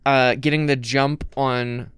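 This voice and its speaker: A man on a casual podcast, retelling a movie plot in animated detail with lots of fillers. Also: mid-range voice, slow pace, smooth, no echo, clean studio sound. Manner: animated storyteller, many fillers. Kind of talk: casual chat.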